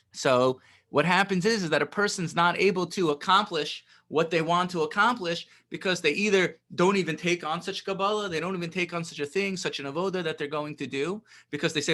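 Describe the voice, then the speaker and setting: A man's voice: fairly high pitch, fairly quick, pushed and bright. A man teaching a Torah lesson, reading Hebrew phrases and explaining them in casual English, often checking in with "right?".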